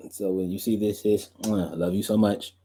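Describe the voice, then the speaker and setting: A man's voice: fairly low pitch, steady tone, normal speed, warm tone, slightly rough. A young man hosting a podcast and stream, chatting loosely with lots of fillers and laughs. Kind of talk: casual rambling chat.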